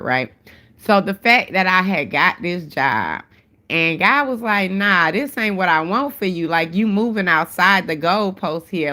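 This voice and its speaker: Low, gravelly woman with a stuffy nose. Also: sharp tone. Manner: chatty, addresses viewers as "y'all" and "baby". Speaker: livestream host. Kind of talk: casual livestream chat.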